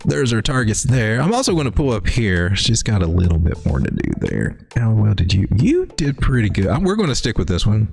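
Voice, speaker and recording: A man with a deep, low voice hosts a casual live crypto stream, thinking aloud over the charts. His delivery is folksy and rambling, full of restarts. His pitch swings widely, and faint music plays underneath. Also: wildly swooping pitch, a little fast, gravelly, few pauses, a little mellow, husky. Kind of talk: casual live market commentary.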